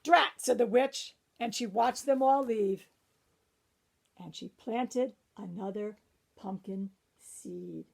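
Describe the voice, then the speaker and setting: A high-pitched woman reads a children's picture book aloud at an unhurried pace, her voice touched with a gravelly fry. She works as a librarian and keeps stopping for chatty asides to her young listeners. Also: mellow.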